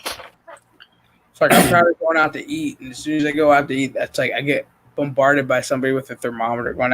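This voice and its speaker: A woman hosting a casual chat stream, telling stories in a profane, animated way with lots of quoted dialogue. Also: a bass voice, a little fast, slight background noise. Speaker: streamer host.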